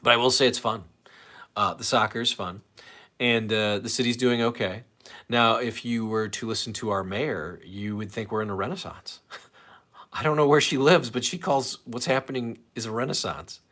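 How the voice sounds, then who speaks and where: A man's voice: mid-range voice, moderate pace, pushed and bright. A man hosting a casual live stream, rambling in a self-deprecating way as he reads viewer comments aloud. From St. Louis area, USA.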